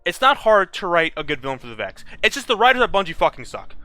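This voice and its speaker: With a high voice, big pitch swings and a quick pace, a young gaming creator curses his way through a heated rant about a game in his casual vlog, restarting often. The sound is pushed and bright, with no room sound and faint music underneath.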